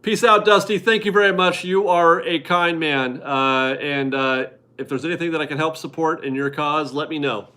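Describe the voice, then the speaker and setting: A man's voice: a little high, moderate pace, hardly any pauses, pushed and bright. A man in his forties hosting a casual live stream from his garage, chatty and upbeat as he reads viewer donations aloud and laughs often. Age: 40s. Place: home garage.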